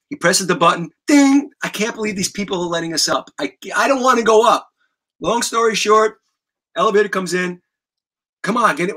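A middle-aged man telling a story on a talk show guest spot, animated and vivid, swearing freely and acting out scenes. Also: a little high. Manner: vivid, profane, acts out scenes. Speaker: guest musician.

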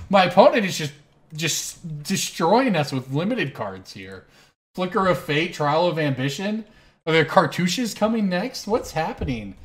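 A lively man with a voice on the high side narrates his gameplay while hosting an online card game. His casual storytelling is rambling and animated, and he corrects himself along the way.

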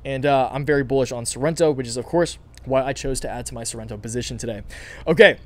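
A man's voice: mid-range voice, a little mellow. A man hosting his own stock market channel, talking casually and eagerly to viewers with a scratchy throat, full of fillers and restarts. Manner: fast, filler-heavy, enthusiastic talk with many restarts.

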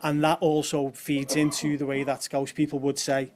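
Man giving a lively talk with asides. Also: fairly high pitch, moderate pace. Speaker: speaker at a talk on language. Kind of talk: presenting a talk.

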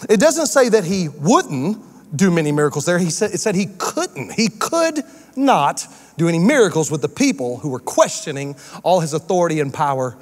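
A pastor delivers a sermon with a high, lively voice that swoops and climbs as he acts out the people in his stories. His words ring out through a large sanctuary with a long echo trailing behind them. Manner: animated storytelling with acted-out voices. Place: church sanctuary. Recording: long hall reverb from a church sanctuary.

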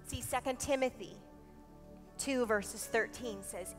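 A woman pastor preaching a sermon in a church service, earnest and emphatic, often dropping soft and then swelling loud. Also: a little high, unhurried, soft background music. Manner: earnest, emphatic, swinging between quiet and loud.

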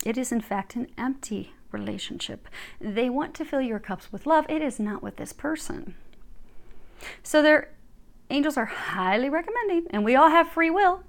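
A woman giving a casual angel card reading to her viewers, chatty and animated, swinging from quiet asides to emphatic bursts. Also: fairly high pitch.

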